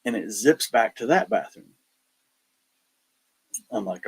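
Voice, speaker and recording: This is a man with a low, gravelly voice. It has a husky edge, and he tells his stories in a loose, conversational way. He acts out every line of dialogue with animated energy. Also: slow pace, low-quality recording. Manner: animated storyteller, acts out quotes, laughs between lines. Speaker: paranormal investigator guest. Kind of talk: casual storytelling on a podcast.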